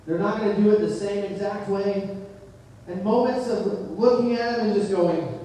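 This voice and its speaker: A middle-aged male preacher with a fairly high voice, speaking to a congregation in a relaxed storytelling way. He is picked up from a distance, so his words ring through a large, echoing hall with a long tail of reverb. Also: moderate pace, a little hiss or hum. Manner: conversational storytelling, rising emphasis on key points. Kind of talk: sermon with a personal story. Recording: echoey hall, distant mic.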